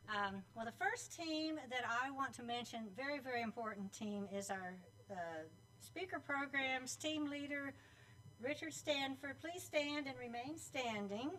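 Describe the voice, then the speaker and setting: A woman's voice: high-pitched, measured pace, a bit bright, distant mic, slight background noise, rough recording. A woman addressing a club meeting, calling members by name and asking them to stand, in a chatty, teasing way. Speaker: club board member introducing teams. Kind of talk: informal meeting announcements. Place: meeting room at a club luncheon.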